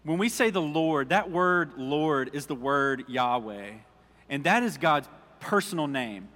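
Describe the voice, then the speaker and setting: A male pastor giving a relaxed, conversational sermon, reading scripture aloud and putting questions to his congregation. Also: a little high, unhurried, long reverb tail. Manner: informal, asks the congregation questions, jokes.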